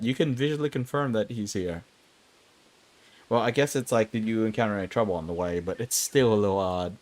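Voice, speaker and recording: A man's voice: fairly low pitch, a little fast, a little mellow. A young man streaming an online game, rambling through casual commentary with self-mocking asides. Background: game music.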